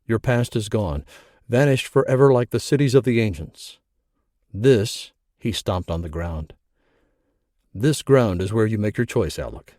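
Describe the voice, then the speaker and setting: Man playing a commanding old soldier mentor, low grave voice, slow, dry audiobook sound. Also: lively intonation, no room sound. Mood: stern. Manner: grave, low, then softening.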